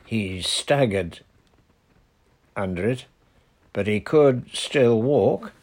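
A man reading a children's novel aloud as narrator, lively and expressive. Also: fairly low pitch, very slow, slightly rough.

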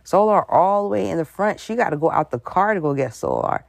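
A vlogger giving casual, rambling and suspicious commentary, with animated asides and laughter mid-sentence. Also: mid-range voice, fairly quick, vocal fry, no echo.

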